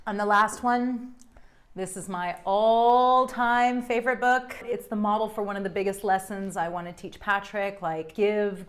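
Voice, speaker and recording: A woman vlogger in her thirties, chatting to viewers at home in a gushing, effusive way. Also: mid-range voice. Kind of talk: casual chat to camera.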